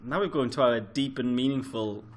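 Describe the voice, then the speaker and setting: A man's voice: mid-range voice, moderate pace. A man co-hosting a sports show, talking casually and correcting himself as he goes. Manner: rambling, self-correcting. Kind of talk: casual podcast chat.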